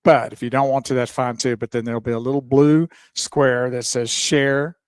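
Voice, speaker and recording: A man's voice: medium pitch, flat delivery, normal speed, clear, resonant tone, no echo. A man co-hosting a radio talk show, chatting with his partner and walking listeners through steps. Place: radio studio.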